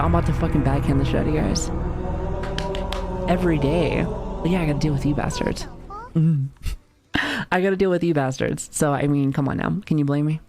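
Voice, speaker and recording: A woman in her thirties streaming live, talking casually to her chat with lots of swearing and joking. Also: low voice. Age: 30s. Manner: profane, joking, chatty with frequent laughs.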